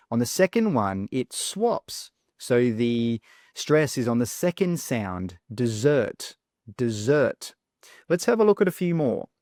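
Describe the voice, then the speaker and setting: A man gives an online English pronunciation lesson at an unhurried, careful pace. He says each example word twice so learners can follow. His voice is mid-pitched and sounds dry and close to the mic. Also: a little mellow, dry recording. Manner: slow, deliberate, repeats words for the learner.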